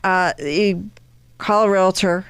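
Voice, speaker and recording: Chatty woman co-host with smooth voice. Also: mid-range voice, takes it slowly, no echo. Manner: chatty, reads mailings aloud with wry asides. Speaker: radio show co-host. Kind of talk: casual radio chat.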